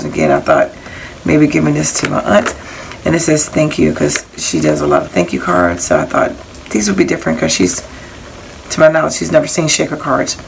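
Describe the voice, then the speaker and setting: A woman's voice: deep voice, creaky, slight background noise, rough recording. A woman casually showing off craft supplies she bought, rambling a little and reading out prices and item numbers. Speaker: crafting haul vlogger.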